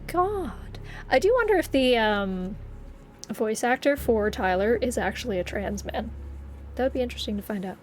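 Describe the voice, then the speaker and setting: A woman streamer giving expressive live commentary on a game, swearing and laughing as she reacts. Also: a little high, moderate pace. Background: game music.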